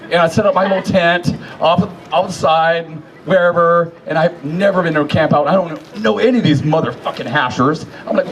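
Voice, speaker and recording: A man with a somewhat high voice tells a story at a memorial, swearing freely and shouting out the quoted lines. His delivery is loose and animated, and there is a faint hiss in the background. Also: a little fast, hardly any pauses. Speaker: hasher giving a memorial tribute. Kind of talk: casual memorial speech.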